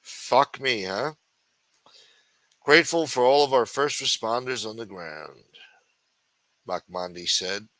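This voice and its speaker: A man's voice: mid-range voice, takes it slowly, pauses often, bright, forceful tone, no echo, rough recording. A man hosting a late-night livestream show, reading news articles aloud and breaking off into profane, sarcastic rants.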